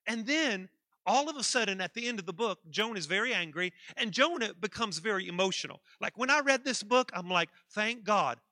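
A man preaching a sermon in a church, calling out to the congregation and building to loud, emphatic peaks. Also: high voice, lively intonation, brisk, no echo.

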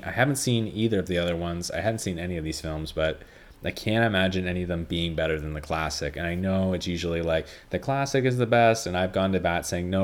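A man hosting a casual solo podcast, rambling with lots of fillers and swearing freely. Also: low voice. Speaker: podcast host.

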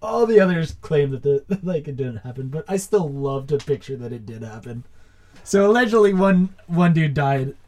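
A man's voice: on the high side, animated, moderate pace, a little mellow. A man co-hosting a casual podcast, telling a story with lots of fillers and laughing mid-sentence. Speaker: podcast co-host.

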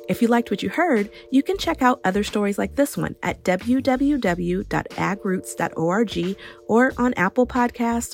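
Gravelly-voiced woman reading a podcast outro. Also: fairly high pitch. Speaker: podcast producer and narrator. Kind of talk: scripted outro narration.

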